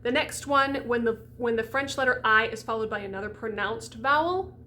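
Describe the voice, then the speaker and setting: An American woman coaches singers on pronunciation, talkative and emphatic, voicing the sounds as she goes. Her fairly high voice is bright and pushed at a normal pace, over slight background noise.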